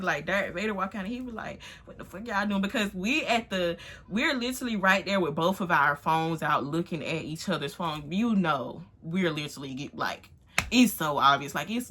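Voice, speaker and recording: Bright-voiced young woman telling a storytime. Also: medium pitch, breathy edge. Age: 20s. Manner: animated, swings from hushed to loud exclamations. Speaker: vlogger. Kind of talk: casual storytime. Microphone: phone on tripod.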